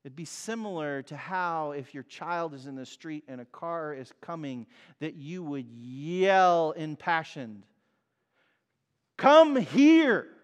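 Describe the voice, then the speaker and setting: A man preaching a sermon as pastor, emphatic and swinging from loud cries to quiet words. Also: a little high, measured pace, few pauses, smooth. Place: church hall. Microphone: mic over speakers. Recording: long reverb of a hall.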